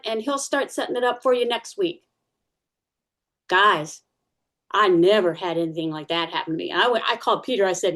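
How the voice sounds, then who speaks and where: A woman's voice: a little high, expressive, brisk. A woman giving a personal testimony in church, telling her story casually, with many fillers and restarts.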